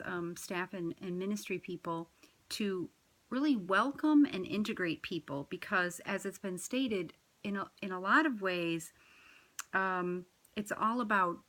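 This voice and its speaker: A woman in parish ministry giving a reflective spiritual talk, speaking in an earnest, measured way with gentle emphasis. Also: on the low side.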